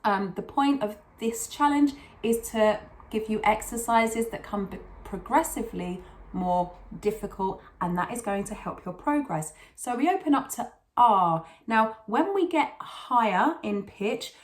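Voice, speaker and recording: A woman's voice: fairly high pitch, lively intonation, a little slow. Encouraging woman teaching singing. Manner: encouraging, repeats words for emphasis. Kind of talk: online vocal lesson.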